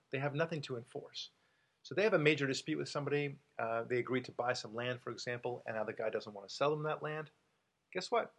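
Gravelly, husky-voiced man talking. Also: medium pitch, a bit bright. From United States. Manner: emphatic, repeats his points, many fillers. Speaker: podcast host and author. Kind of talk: casual conversational talk.

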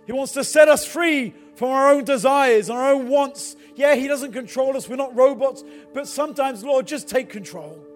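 A man's voice: extremely high pitch, normal speed, hardly any pauses, soft background music. A middle-aged male pastor preaching a sermon, telling personal stories and building to fervent calls to repent. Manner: storytelling, then builds to fervent exhortation.

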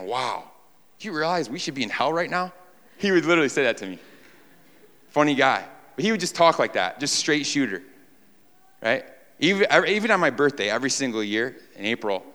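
Bright, forceful preacher in a reverberant hall. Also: male voice, mid-range voice, clean tone. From New York. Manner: emphatic, repeats phrases, rhetorical questions. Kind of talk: sermon. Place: church sanctuary before a congregation. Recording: long reverb of a large hall.

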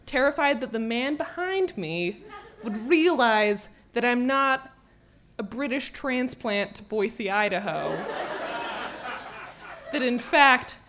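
Slow, self-mocking woman storyteller on stage. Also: on the high side, a bit bright, a little hiss or hum. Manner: self-mocking, laughing through her words. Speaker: storyteller at a live show. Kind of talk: personal story told on stage. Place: stage at a live event.

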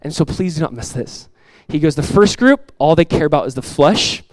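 In a church sanctuary, a middle-aged pastor preaches briskly with earnest, direct conviction, hammering key lines through repetition and slipping into lively, animated everyday voices. His voice is a bit high for a man, and the sound is close and dry with little room echo.

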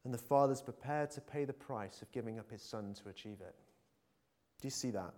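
A man's voice: mid-range voice, fairly quick, a little mellow. A man preaching a conversational sermon in a church, earnest and full of fillers, building to emphatic appeals.

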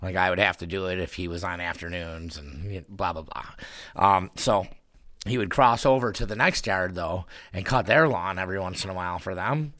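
A man's voice: low-pitched, a little fast, a bit bright, no echo. A middle-aged man chatting casually and telling stories, laughing often and acting out the voices of the people in them. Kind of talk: casual chat, storytelling.

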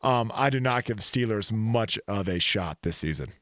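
A man co-hosting a podcast, chatting about football in a casual, animated way. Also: fairly low pitch, normal speed, background noise. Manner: animated, does jokey voices in stories. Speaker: podcast co-host. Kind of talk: casual sports chat.

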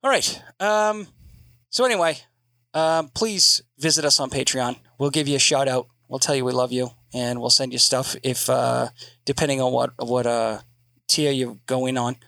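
A man's voice: mid-range voice, steady tone, normal speed, creaky, bright, forceful tone, no room sound. A man hosting a podcast, chatting casually in a joking, profane, rambling way. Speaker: podcast host.

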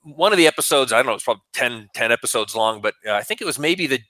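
A middle-aged man co-hosts a radio talk show, musing in a rambling, reflective way. His voice is bright and forward. The recording is dry and close. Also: mid-range voice, lively intonation, rapid-fire, no room sound, low-quality recording. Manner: rambling, reflective, with many restarts. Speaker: radio co-host. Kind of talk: conversational political commentary.

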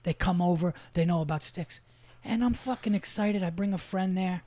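A man hosting a podcast, telling animated, profanity-laced stories in casual chat. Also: high voice, moderate pace. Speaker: podcast host.

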